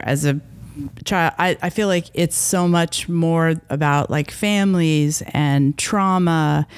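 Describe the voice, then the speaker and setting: A woman's voice: sits low, smooth, dry recording. A woman hosting a talk show, chatting casually and teasing her guest, with many restarts. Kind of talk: casual chat.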